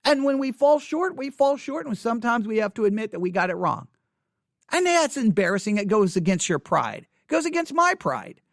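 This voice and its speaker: A man's voice: high voice, sing-song, a little fast, vocal fry, dry recording, studio quality. A man hosting a podcast, giving impassioned commentary in an earnest, pleading way and repeating phrases for emphasis. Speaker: podcast host. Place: home studio in Texas.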